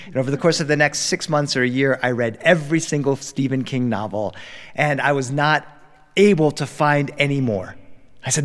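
A middle-aged man telling a personal story live in a studio before an audience, acting out the voices and swinging his pitch wide for drama. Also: moderate pace, big-room sound. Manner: animated, acts out dialogue with big pitch jumps.

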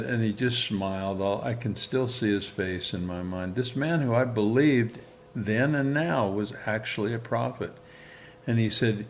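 An older man telling a personal story as an interview guest, animated and chuckling, acting out the dialogue he remembers. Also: mid-range voice, slight background noise.

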